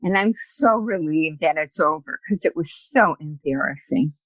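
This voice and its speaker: A woman guest on a podcast interview, telling personal stories in a lively, chatty way and acting out the dialogue. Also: low voice, moderate pace, breathy edge, no room sound, low-quality recording. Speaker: guest, spiritual medium. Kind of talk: casual storytelling in an interview.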